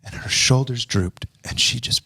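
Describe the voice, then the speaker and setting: Man, podcast host, casual chat, storytelling, acts out quoted lines, medium pitch. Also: normal speed, gravelly, bright, forceful tone. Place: office room.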